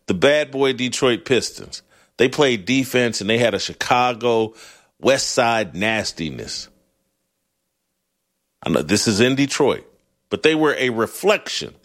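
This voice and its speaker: Blunt, animated talk show host man. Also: medium pitch. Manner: animated, blunt, laughs often, restarts mid-phrase. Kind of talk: opinionated monologue.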